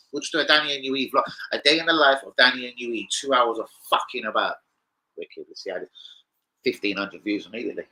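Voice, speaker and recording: A man's voice: medium pitch, sharp tone, low-quality recording. A young man, hosting a casual live-stream chat, rambling through stories full of slang and swearing. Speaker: football fan channel host.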